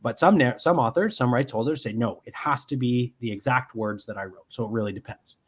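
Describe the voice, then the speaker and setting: Man, software demo, explanatory, halting with ums, mid pitch. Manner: explanatory, many ums and restarts. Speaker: software demonstrator. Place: home.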